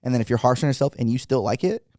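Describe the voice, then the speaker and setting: A man's voice: medium pitch, lively intonation, racing, dark tone, no room sound, studio quality. A man hosting a casual podcast, easygoing, laughing often and asking his guest questions. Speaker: podcast host. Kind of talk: casual chat.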